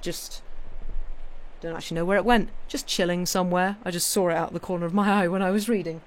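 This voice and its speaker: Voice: mid-range voice, fairly even intonation, fast. A British-accented streamer chatting casually with viewers, rambling with many fillers and restarts. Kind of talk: casual live-stream chat.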